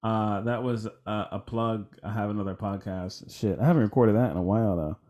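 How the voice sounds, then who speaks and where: Young male podcast co-host, slightly low voice, easygoing and profane. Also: brisk, dark tone. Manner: laid-back, swears freely, laughs often. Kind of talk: casual chat.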